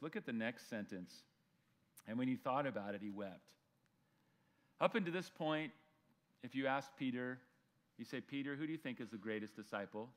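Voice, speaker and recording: Casual-talking male pastor. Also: medium pitch. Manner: conversational, acts out voices of people in the story. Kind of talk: sermon.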